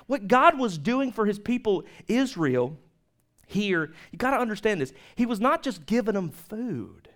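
A man preaching a sermon in a conversational, animated storytelling way, with asides to the congregation. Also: high-pitched, moderate pace. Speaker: pastor.

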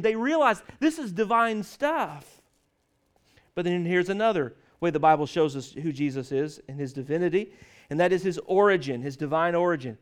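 A man preaching a sermon, stressing scripture lines slowly and leading the congregation to repeat after him. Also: high-pitched. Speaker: pastor.

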